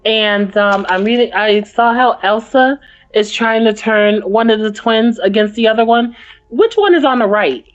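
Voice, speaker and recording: A woman's voice: a little high, normal speed, faint music behind. A woman co-hosting a podcast, chatting casually about a TV episode and rambling through her notes with lots of fillers. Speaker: podcast co-host. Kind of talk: casual TV recap chat. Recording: muffled lo-fi audio.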